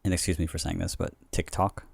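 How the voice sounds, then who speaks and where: A man in his thirties co-hosting a podcast in casual chat, ranting in an animated, jokey way and swearing freely. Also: deep voice, a little fast, vocal fry, no room sound. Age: 30s. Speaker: podcast co-host.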